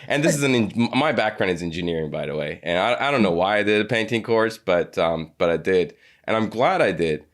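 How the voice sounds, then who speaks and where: A man hosting a podcast interview, talking in a halting way with many restarts and repeated words. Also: on the low side. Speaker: podcast host. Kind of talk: casual interview chat.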